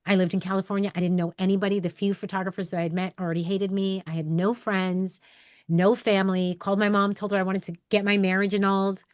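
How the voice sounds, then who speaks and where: A woman's voice: mid-range voice, level tone, fast, no echo, studio quality. A woman in her forties from New York, a photographer telling her story in a candid, rambling, emotional way to an online group. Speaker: photographer and educator hosting a live call.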